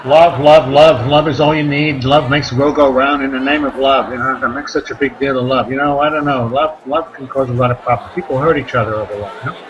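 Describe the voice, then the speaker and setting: A man performing a stand-up comedy set, rambling between deadpan one-liners and crude asides. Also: medium pitch, brisk, few pauses. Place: comedy club stage. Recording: live club recording with crowd noise. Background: audience laughter and room noise.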